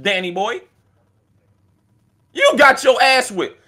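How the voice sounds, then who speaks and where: Battle rapper, male, taunting trash talk, animated and unhurried delivery. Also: sits high. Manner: animated, taunting, swearing, laughing. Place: indoors with friends.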